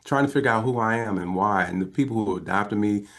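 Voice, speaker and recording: Low-voiced man telling his life story. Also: fast talker. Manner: animated storyteller who acts out quoted voices; emotional, earnest. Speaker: interview guest. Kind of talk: personal storytelling in a talk show interview.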